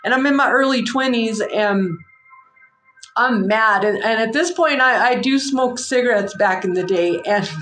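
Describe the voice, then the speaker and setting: Animated, rambling woman in an echoey room. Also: a little high, unhurried, a little hiss or hum. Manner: animated, rambling, frank with slang. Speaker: psychic reader and livestream host. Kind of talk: casual storytelling on a livestream.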